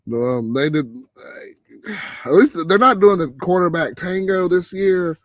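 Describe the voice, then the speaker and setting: A man hosting a casual late-night chat, animated, his voice leaping high when he gets excited. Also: slow pace, dry recording. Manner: animated, exclaims with big pitch jumps when excited. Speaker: podcast host.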